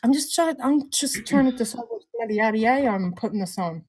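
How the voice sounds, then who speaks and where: A woman co-hosting a casual live stream, chatty and unhurried, often trailing off and laughing. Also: on the high side, animated, a little mellow. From Australia or New Zealand. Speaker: co-host of a vape review stream.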